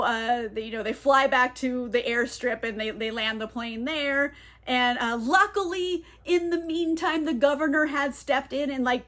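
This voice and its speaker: A woman with a high voice recaps a novel in a loose, chatty way. She is sarcastic and laughs a lot, and her talk is full of fillers. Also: fairly bright tone. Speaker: book reviewer. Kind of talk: casual book recap.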